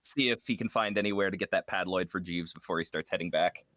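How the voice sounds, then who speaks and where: A man's voice: low voice, quick pace, fairly bright tone, no echo, clean studio sound. A man playing a tabletop game, casually describing his character's actions with many fillers. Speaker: player.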